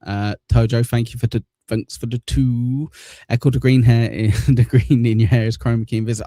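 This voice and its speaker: A man's voice: mid-range voice, little pitch movement, moderate pace, vocal fry, warm tone, no room sound, clean studio sound. A man hosting a casual livestream, chatting and joking as he reads viewer comments aloud, dropping in crude insults. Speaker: livestream news show host. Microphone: desk mic in front of a green screen.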